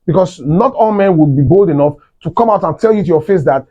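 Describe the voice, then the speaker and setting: Animated scolding man. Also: normal speed. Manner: animated, scolding, jumps to high exclamations. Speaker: relationship talk host. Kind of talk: preachy advice talk. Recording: dull lo-fi sound.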